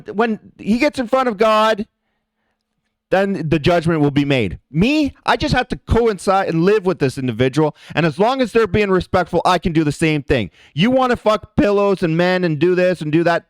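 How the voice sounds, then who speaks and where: A man's voice: high-pitched, sing-song, moderate pace, no room sound. A man hosting a livestream, ranting in a heated, profane way and talking straight to his chat viewers. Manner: addresses chat viewers directly. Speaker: livestream host. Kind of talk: livestream rant.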